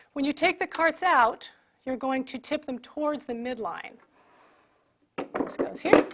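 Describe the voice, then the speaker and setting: A woman giving a clear step-by-step equipment demonstration as an instructor, explaining while she handles the parts. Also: sits high, noisy background. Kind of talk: product demonstration.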